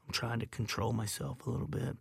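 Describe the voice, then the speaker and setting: A man doing an impression of a baseball manager, droning in a flat, quiet monotone. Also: medium pitch, brisk, creaky, husky, no room sound, clean studio sound, pitched below the performer's own voice, exaggerated voice. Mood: deadpan. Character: flat, mumbling middle-aged male baseball manager.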